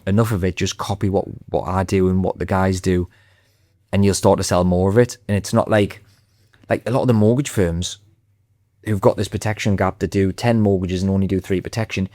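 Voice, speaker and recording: A man's voice: deep voice, fairly even intonation, brisk, warm tone, no echo, studio quality. A man speaking as a podcast guest, confident and emphatic in easy conversation. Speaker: podcast guest, sales trainer. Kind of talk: podcast interview.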